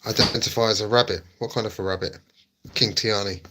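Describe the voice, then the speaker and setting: A man's voice: on the low side, steady tone, brisk, background noise. A middle-aged man, hosting a laid-back livestream chat and answering his viewers. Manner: chatty, repeats himself, laid-back banter. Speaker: livestream host. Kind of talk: casual livestream chat, reading chat.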